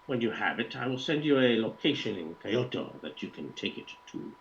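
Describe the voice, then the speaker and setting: A man voicing a formal, cold employer who hires thieves and speaks in measured, stiff sentences without contractions. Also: mid-range voice, big pitch swings, vocal fry, muffled recording, slight background noise. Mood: calm.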